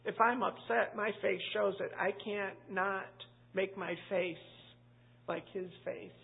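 A woman teaches the Bible to a church group in a conversational, emphatic voice. Her tone is gravelly and a little husky. The audio is tinny and lo-fi, like a phone line. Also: mid-range voice. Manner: conversational, emphatic, quotes scripture. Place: church room with a live group.

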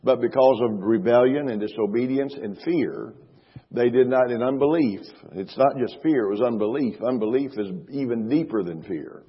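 A middle-aged man preaching a sermon as pastor, emphatic, slowing down to stress scripture and repeating phrases. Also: mid-range voice, husky. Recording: reverberant hall, dull lo-fi sound.

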